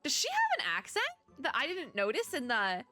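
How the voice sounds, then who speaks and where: A woman's voice: high voice, wildly swooping pitch, brisk, sharp tone, soft background music. A woman with a strained throat reading a story game aloud and rambling through casual commentary with frequent laughs. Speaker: streamer playing a story game.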